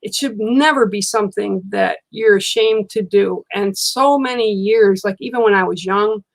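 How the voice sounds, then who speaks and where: An older woman speaks at normal speed in a creaky, medium-pitched voice while hosting a casual card-reading livestream. She's chatty and reassuring, replying directly to viewer comments.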